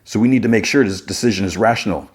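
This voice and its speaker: A man voicing a calculating man who argues in a measured, reasoning way, in a podcast recap. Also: lowish voice, breathy edge. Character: calculating man arguing coolly.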